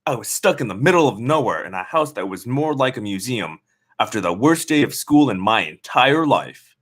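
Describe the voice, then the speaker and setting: A man's voice: medium pitch, very animated, moderate pace, a bit bright. Man reading a novel with snarky asides. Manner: sarcastic comments on the text. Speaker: reader.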